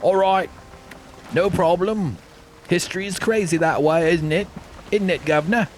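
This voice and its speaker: A man hamming up a shrill British seafarer. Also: moderate pace, a little hiss or hum, lightly acted. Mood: melodramatic. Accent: put-on British. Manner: exaggerated, hammy, high and loud. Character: theatrical old-time British seafarer, dramatic.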